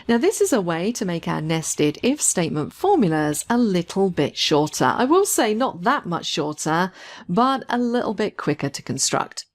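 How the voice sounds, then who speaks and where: Lively-voiced woman teaching a spreadsheet lesson. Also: lowish voice, moderate pace. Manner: patient, step-by-step explaining. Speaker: software instructor. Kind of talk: screen-recorded tutorial narration.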